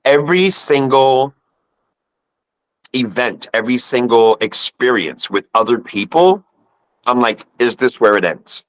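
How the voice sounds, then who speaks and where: A man's voice: mid-range voice, expressive, unhurried, no room sound, poor audio. A man in his fifties with a New York accent, a guest telling a personal story in casual conversation and acting out the voices he quotes. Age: 50s.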